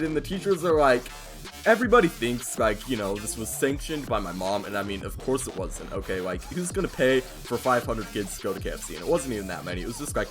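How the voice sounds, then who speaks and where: A young American man telling a story-time vlog, loud and hyped, often yelling into a close microphone. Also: medium pitch. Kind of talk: casual storytelling.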